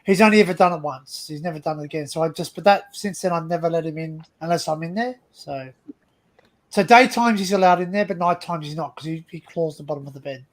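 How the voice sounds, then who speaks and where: A man's voice: on the high side, fast talker. An Australian man hosting a livestream in casual chat, talkative and laughing often, with a habit of repeating himself. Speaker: livestream host.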